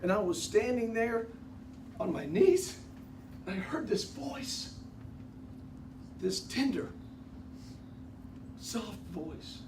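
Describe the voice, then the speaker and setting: An actor gives a first-person dramatic monologue in a church classroom as an ancient persecutor turned penitent, speaking earnestly and straight to his listeners with homespun asides. His high-for-a-man voice is animated and fully in character, yet slow with frequent pauses. The recording is distant, roomy, and has noticeable background noise.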